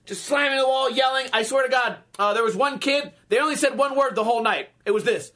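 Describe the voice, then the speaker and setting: A man's voice: extremely high pitch, fast talker, heavy background noise. A man in his thirties telling a comic story in a profane, exasperated rant.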